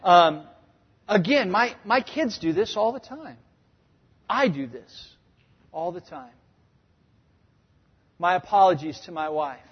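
Guy preaching in a big echoey hall, kinda high voice, playful, does little voices for the bible folks, muffled audio. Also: takes it slowly, pauses often, slightly rough. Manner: animated storytelling, acting out quoted voices with humor. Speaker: pastor. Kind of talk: sermon. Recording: dull, echoey hall sound.

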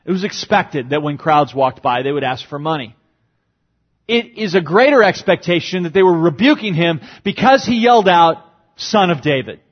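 A man's voice: husky, muffled recording. A man preaching a sermon as pastor, explaining a passage verse by verse and acting out quoted cries with sudden rises in voice. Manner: dynamic, acts out quoted lines with big pitch jumps.

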